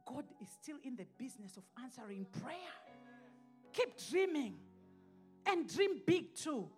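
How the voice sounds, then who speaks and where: A woman preaching a sermon with passion, rising to shouts and dropping to hushed scripture reading. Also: high-pitched, big pitch swings, measured pace, faint music behind.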